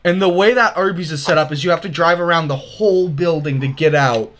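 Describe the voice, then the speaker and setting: Guy with a highish voice telling a story on a call, laughs a lot. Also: fairly quick, fairly bright tone, a little hiss or hum. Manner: chatty storyteller, laughs easily. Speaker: tabletop game player. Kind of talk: casual chat. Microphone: online voice call.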